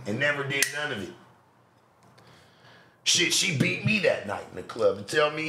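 A man's voice: medium pitch, moderate pace, sharp tone, slight background noise. A man hosting a podcast, telling a street story in casual, profane slang. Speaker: podcast host.

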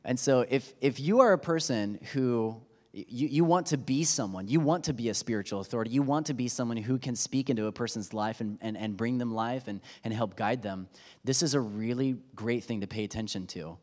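Here the thirtysomething pastor talks briskly, his medium-pitched voice a touch mellow. His sermon in the sanctuary is chatty and self-mocking, with quotes often acted out for comic effect, all wrapped in the long echo of a church hall.

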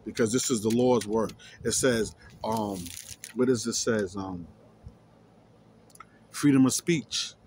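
A man's voice: on the low side, slow, long pauses, darkish tone, slight background noise. Emphatic man teaching scripture. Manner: emphatic, repeats key words, confrontational. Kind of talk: reading and explaining scripture on video.

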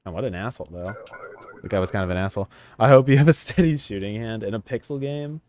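A man giving excitable, chatty let's-play commentary while playing a video game, swearing casually. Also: on the low side, quick pace, no echo. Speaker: gaming channel host.

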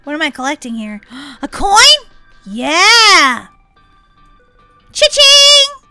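A woman giving excited gameplay commentary as a channel host, squealing, laughing and crying out in bursts of panic. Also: high voice, slow, dry recording, soft background music. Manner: squealing, laughing, breathless exclamations.

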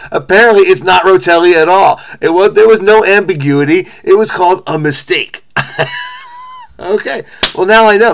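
A man's voice: fairly high pitch, gravelly. A man hosting a crossword video, thinking aloud in a frenetic, rambling way, with frequent restarts and stammers. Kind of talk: casual think-aloud commentary.

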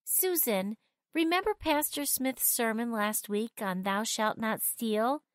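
Woman voicing a young girl, anxious, near tears, raised pitch, dry sound. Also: slow, no echo. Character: fretful young girl, the sister's friend.

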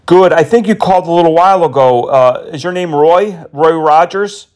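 A man's voice: a little high, normal speed, darkish tone. A man prank-calling phone scammers, teasing and mocking them and dropping in Hindi words and insults. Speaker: scam-baiting prank caller.

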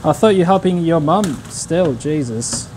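A man's voice: fairly high pitch, expressive, a little slow, darkish tone, slight background noise, low-quality recording. A young man casually chatting to his viewers while he cooks on a livestream, in a laid-back, slangy way. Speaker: streamer. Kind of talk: casual cooking livestream chat.

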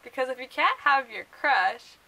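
A young woman rambling through casual book vlog commentary, full of fillers and quick laughs. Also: high voice, big pitch swings, vocal fry, bright, forceful tone, low-quality recording. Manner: chatty and rambling, many fillers, laughs often. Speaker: book vlogger.

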